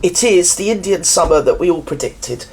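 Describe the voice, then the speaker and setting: A man's voice: sits high, lively intonation, normal speed, husky. A man from England hosting a reaction video, chatty and gossipy with sarcastic asides. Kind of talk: chatty commentary over a clip.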